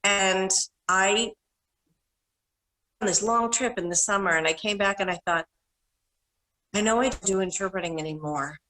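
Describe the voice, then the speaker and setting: A middle-aged woman from Minnesota, a panel guest rambling through animated anecdotes and correcting herself as she goes. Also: medium pitch, moderate pace, pauses often, low-quality recording. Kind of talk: casual storytelling.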